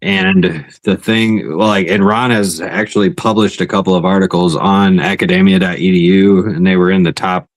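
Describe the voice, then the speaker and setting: Man, co-host, earnest and explanatory, low voice, dry close sound. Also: fairly even intonation, moderate pace, hardly any pauses, no room sound. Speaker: podcast co-host. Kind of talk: casual chat.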